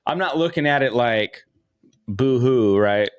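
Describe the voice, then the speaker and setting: A man's voice: mid-range voice, animated, fairly quick. Podcast co-host, male, loose profane delivery, circles back on his points. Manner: profane, rambling, repeats himself. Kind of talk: casual chat.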